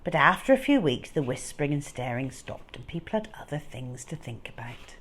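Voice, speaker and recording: A woman reading a children's storybook aloud, expressive and unhurried. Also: low-pitched.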